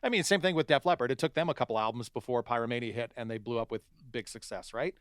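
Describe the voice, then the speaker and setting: A man's voice: medium pitch, fast, no room sound, clean studio sound. A man co-hosting a podcast, chatting with enthusiasm and filling his talk with "you know". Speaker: podcast co-host. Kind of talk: casual chat.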